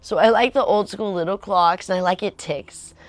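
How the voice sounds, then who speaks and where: A woman livestreams from home at a moderate pace in a medium-pitched voice. She rambles casually, laughs often and performs the voices of anyone she quotes.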